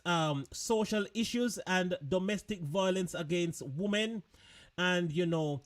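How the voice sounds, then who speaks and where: Chatty male host of a live online show. Fairly high voice, loose and informal. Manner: chatty, loose, laughing, repeats words. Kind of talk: casual live-stream chat.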